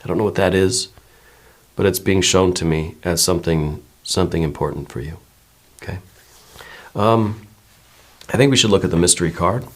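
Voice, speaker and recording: A man giving a tarot reading to his viewers, musing and meandering as he goes, hedging often and checking in with a soft "right?". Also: sits low, normal speed, long pauses. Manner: musing and meandering, many hedges and repeated "right?". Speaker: tarot reader.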